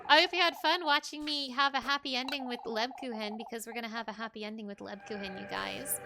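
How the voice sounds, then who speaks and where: A woman's voice: fairly high pitch, steady tone, fast talker, creaky, pushed and bright, a little hiss or hum. A woman streaming a game, chatting playfully with her viewers and giggling often. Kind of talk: casual gaming commentary. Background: game music.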